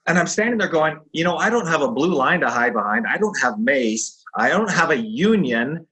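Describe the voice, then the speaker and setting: Middle-aged ex-fighter guest, bright edge to the voice, animated storyteller doing quoted voices. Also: male voice, on the high side, normal speed. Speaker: guest, former pro fighter. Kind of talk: casual storytelling.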